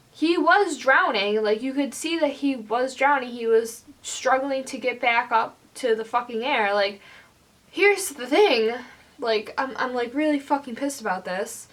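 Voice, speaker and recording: A young woman vlogger ranting angrily to camera, swearing often and filling pauses with "like". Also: on the high side, a bit bright. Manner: heated, swearing, lots of fillers. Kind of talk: angry rant to camera.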